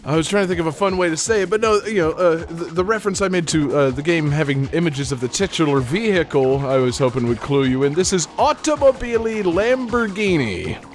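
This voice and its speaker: A man's voice: a little high, quick pace, hardly any pauses. A man hosting a casual podcast chat, laughing often and rambling with fillers while he talks about a video game. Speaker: podcast host presenting a game.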